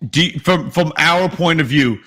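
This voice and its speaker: A man co-hosting a podcast in casual, argumentative chat, blunt and free with profanity. His voice sits a little high for a man. He presses his points emphatically. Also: moderate pace, pushed and bright, slightly rough. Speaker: podcast co-host.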